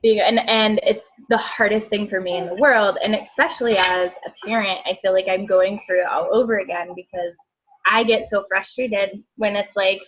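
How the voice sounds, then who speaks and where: A woman's voice: medium pitch, steady tone, normal speed, fairly bright tone, breathy edge, lo-fi sound. A woman in her thirties, a therapist, chatting casually and rambling with lots of likes and ums. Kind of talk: casual group chat.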